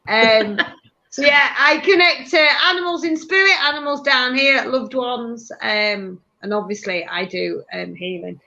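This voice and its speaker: Woman, high bright voice, enthusiastic medium, dull lo-fi call audio. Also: moderate pace. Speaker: medium and animal communicator. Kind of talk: casual video-call chat.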